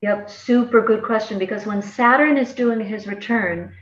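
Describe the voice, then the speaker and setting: A woman's voice: medium pitch, steady tone, moderate pace, dull audio. Chatty woman, roomy distant sound. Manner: chatty and playful, laughs often, slangy asides. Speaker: astrologer guest. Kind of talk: casual explanatory chat.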